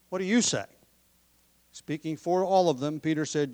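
A pastor preaching a sermon, explaining the text from his notes and pressing his listeners with forceful questions. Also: a little high, lively intonation, normal speed. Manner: teaching from notes, explains word meanings.

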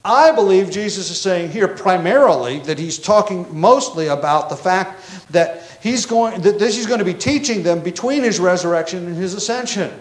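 A man's voice: high voice, expressive, moderate pace. A man pastor preaching an expository sermon, emphatic and explanatory, with frequent self-corrections. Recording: echoey room.

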